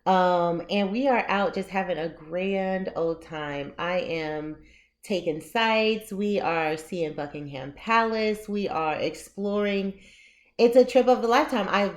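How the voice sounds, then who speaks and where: A woman with a lowish voice tells a personal story straight to camera. Her manner is casual and lively, and laughter slips in often as she goes. She sounds like a vlogger sharing her own memories. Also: unhurried. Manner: animated, laughs often while telling the story. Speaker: vlogger and memoir author.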